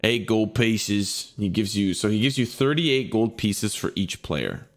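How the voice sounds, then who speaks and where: A man chatting casually as the game master after a tabletop session, relaxed, laughing and swearing freely. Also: on the low side, normal speed. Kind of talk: casual post-game chat.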